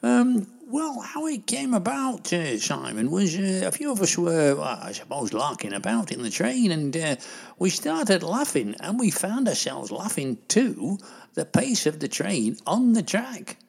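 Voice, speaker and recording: A man's voice: high voice, sing-song, a little slow, creaky, darkish tone, breathy edge, full character voice. A man doing a giggly old railwayman. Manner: giggly, hesitant. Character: nervous, giggly retired railwayman caller.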